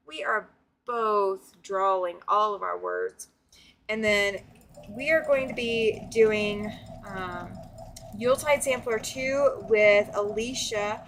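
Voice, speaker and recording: With a Southern accent, a woman from the Southern United States hosts a casual quilting livestream, chatting, laughing often, and reading viewer comments aloud as she speaks straight to her viewers. Her voice is medium-pitched and a bit bright, with slight background noise.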